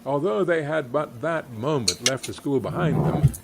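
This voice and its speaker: A man reading a classic story aloud in an expressive, unhurried way with occasional wry asides. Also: a little high, creaky, very noisy.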